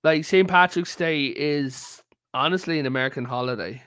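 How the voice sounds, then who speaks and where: Dry, higher-voiced man telling stories. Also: moderate pace, fairly bright tone, clear, resonant tone, no room sound. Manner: storytelling, peppered with "like" and "right?". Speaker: guest. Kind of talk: casual conversational history chat. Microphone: video call.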